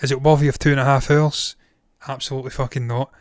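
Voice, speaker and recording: A man's voice: mid-range voice, flat delivery, fast, no echo, studio quality. Blunt, tired-voiced man in his thirties. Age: 30s. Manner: blunt, swears freely, opinionated. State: tired, strained voice. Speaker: film reviewer and live-streamer. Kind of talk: casual live-stream chat.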